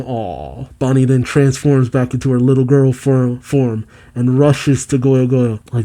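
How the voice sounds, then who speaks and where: A man's voice: medium pitch, mellow. A man hosting a manga reaction, reading the scenes aloud and breaking in with exclamations and laughs. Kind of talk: casual commentary and reading aloud.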